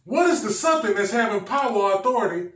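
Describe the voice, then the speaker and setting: Guy preaching a sermon, high voice, repeats himself, mic kinda far off. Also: lively intonation, fast, fairly bright tone. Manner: emphatic, repetitive, addresses the congregation directly. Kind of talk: sermon Bible teaching. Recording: echoey room, mic at a distance.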